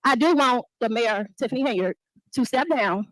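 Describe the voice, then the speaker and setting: A woman's voice: a little high, expressive, normal speed, dry recording, rough recording. A woman resident giving an indignant, accusing public comment at a town meeting.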